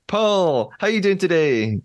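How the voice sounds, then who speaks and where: A young man hosting a podcast, reading a scripted intro and then interviewing a guest with quick laughs. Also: high voice, sing-song, dry recording, studio quality. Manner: upbeat, laughs often. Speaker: podcast host.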